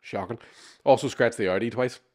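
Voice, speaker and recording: A man chats on a podcast, spinning a sweary, animated story. He talks quickly and throws himself into the voices of the people he quotes. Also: medium pitch. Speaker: podcast co-host. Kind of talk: casual storytelling chat.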